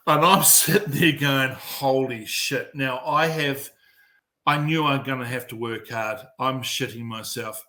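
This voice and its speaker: This middle-aged New Zealander, a mental performance coach, tells stories bluntly in a casual podcast chat, swearing heavily. His storytelling is animated, his accent is distinctly New Zealand, and his pitch is medium.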